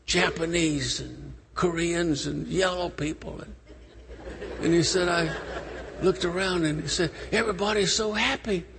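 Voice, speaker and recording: A male preacher telling a story in a sermon, slowly drawing out his words and acting out the people he quotes. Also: high voice, gravelly, fairly bright tone, breathy edge. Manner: slow, drawn-out storytelling, acting out quoted voices. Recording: long reverb of a large hall.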